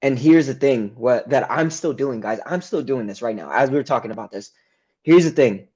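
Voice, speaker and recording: A man leads a men's coaching call in a blunt, unfiltered way, swearing freely and getting heated as he recounts a clash. His voice sits mid-pitch. The call audio is a bit dull and lo-fi. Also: animated, moderate pace, a little mellow, slightly rough. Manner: blunt, frequent swearing, heated when retelling conflict. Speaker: men's mental health coach. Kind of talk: coaching call, personal story. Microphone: video call.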